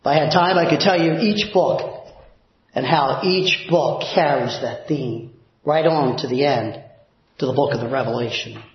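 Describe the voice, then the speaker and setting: A male pastor preaching a sermon in a church, emphatic, dropping low and soft for prayers. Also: unhurried. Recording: very echoey, dull church recording.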